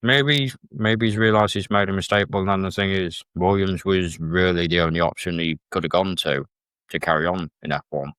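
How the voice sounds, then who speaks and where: Deep-voiced man chatting casually. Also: normal speed, fairly bright tone, smooth, no echo. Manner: plain-spoken, hesitant, with fillers. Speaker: guest presenter. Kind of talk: casual podcast chat.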